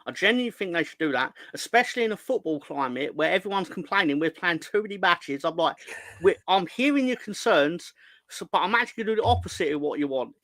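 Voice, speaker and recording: Brief: man with a bright, sharp voice and deadpan sarcasm, recorded dry. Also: high voice, fast, dry recording. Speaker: regular pundit on a fan show. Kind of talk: casual banter.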